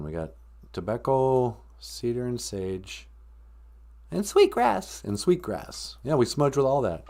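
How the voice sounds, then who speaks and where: A man hosting a podcast in relaxed, rambling casual chat, explaining traditions. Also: fairly low pitch. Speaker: podcast host.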